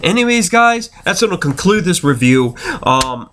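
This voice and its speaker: A man rants angrily in a video review, full of swearing and exasperation. His pitch leaps up and drops down all the time, and he sounds fed up rather than calm. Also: normal speed, slight background noise. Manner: angry, profane, exasperated ranting. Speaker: wrestling reviewer.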